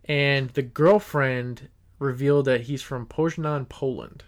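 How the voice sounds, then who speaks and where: A man's voice: medium pitch, fairly even intonation, slow. A man hosting a podcast in casual chat, telling stories in a rambling way with restarts. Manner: rambling storyteller with many restarts. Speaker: podcast host.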